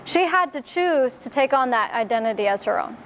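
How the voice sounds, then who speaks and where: A woman's voice: high-pitched, expressive, brisk, fairly bright tone, a little hiss or hum. A woman teaching a Bible study sermon in a conversational way, with frequent fillers and restarts. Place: church.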